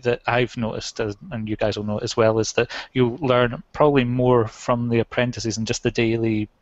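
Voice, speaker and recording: A man with a rich voice, talking in a measured, thoughtful way on a headset in a casual online hangout. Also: medium pitch, dry recording. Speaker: photography student guest. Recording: dry, dull headset audio.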